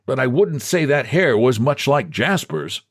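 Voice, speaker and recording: A man voicing a smooth, condescending bank president who talks down to a visitor. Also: mid-range voice, sing-song, a little slow, dry recording, clean studio sound, pitched above the performer's own voice. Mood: patronizing. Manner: breezy, patronizing.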